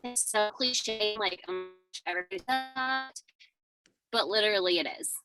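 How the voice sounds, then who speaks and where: A woman's voice: medium pitch, normal speed, music in the background, low-quality recording. A woman chatting casually and candidly about sticking with her network marketing work. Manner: candid, casual, speaks with fillers like "um" and "like". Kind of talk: casual chat.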